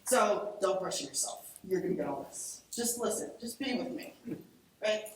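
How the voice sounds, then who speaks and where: A woman from Cleveland giving an energetic, chatty conference talk on a lapel mic in a large lecture hall. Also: medium pitch, normal speed. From Cleveland, Ohio. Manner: animated, chatty, acts out quoted friends. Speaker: conference speaker. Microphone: collar lapel mic. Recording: very echoey hall, distant mic.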